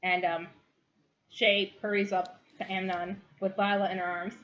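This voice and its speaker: A woman's voice: medium pitch, level tone, measured pace, fairly bright tone, a little hiss or hum. Giggly woman running a tabletop game. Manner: giggly and rambling with many fillers. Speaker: game master. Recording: dull lo-fi recording.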